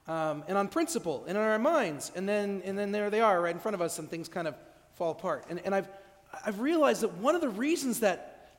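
A man preaching a conversational sermon in a church at an evening service, humorous and animated, often restarting his sentences. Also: sits high. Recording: long church reverb.

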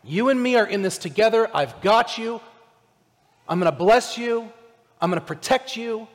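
A pastor voicing God as a calm, steady male deity making promises, in a preacher's retelling. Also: sits high, normal speed, long reverb tail. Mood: reassuring.

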